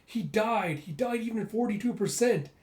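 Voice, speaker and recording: A man's voice: on the high side, moderate pace, a little mellow, lightly acted. A man voicing a tormented young male fighter, strained and grim by turns. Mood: anguished.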